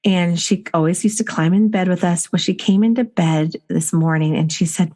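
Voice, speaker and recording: A middle-aged woman co-hosting a spiritual chat show, telling stories in a gushing, warm-hearted way. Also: fairly low pitch, normal speed, few pauses. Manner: gushing, storytelling. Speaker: podcast co-host.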